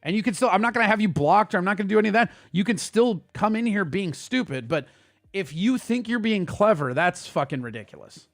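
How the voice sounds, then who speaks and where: A man hosting a casual livestream, ranting at his chat in a quick, profane and heated way. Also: sits high, lively intonation, no echo, clean studio sound. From Italian heritage. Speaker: streamer host.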